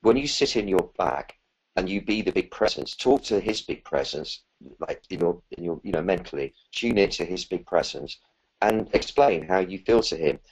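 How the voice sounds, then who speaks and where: Low husky man teaching earnestly. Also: lively intonation, moderate pace, poor audio. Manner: warm, earnest, rambling with fillers and restarts. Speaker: spiritual teacher answering questions. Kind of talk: live Q&A talk.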